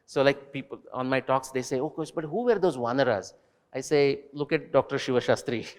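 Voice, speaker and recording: Animated man lecturing in a hall. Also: medium pitch, brisk. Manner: animated, digressive, addresses audience directly. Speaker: invited speaker. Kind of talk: lecture Q&A with students.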